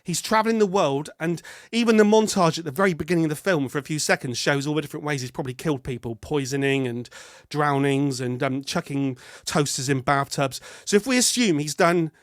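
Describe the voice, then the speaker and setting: Excitable high-voiced man. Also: a little fast, dry recording, studio quality. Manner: excitable, animated, laughing while he talks. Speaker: podcast co-host. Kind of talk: casual film review chat.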